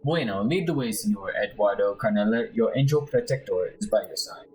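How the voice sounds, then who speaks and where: A man's voice: fairly low pitch, a little fast, a little mellow, faint music behind, lightly acted, rough recording. Eduardo, a man putting on a sly Spanish-accented mercenary. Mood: sly, persuasive. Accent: put-on Spanish accent. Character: smooth-talking male street mercenary bodyguard. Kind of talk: let's play voice acting.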